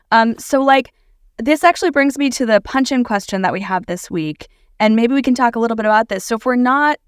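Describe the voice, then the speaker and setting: A woman's voice: mid-range voice, clear, resonant tone, no echo. Woman co-host on a dry close mic. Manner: conversational, sets up questions. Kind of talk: casual podcast chat.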